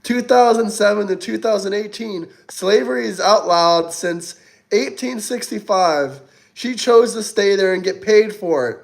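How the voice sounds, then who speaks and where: A young man chats casually on his livestream and answers viewers one by one. His voice sits fairly high, and his manner is mocking and taunting, with plenty of swearing. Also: unhurried, vocal fry. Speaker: livestream host reading chat.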